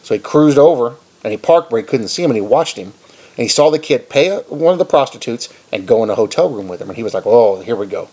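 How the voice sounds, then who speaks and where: A man's voice: mid-range voice, quick pace, husky. A man gives a casual storytelling sermon, talking in a rambling, conversational way. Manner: rambling, conversational, relaxed retelling. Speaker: Christian video preacher.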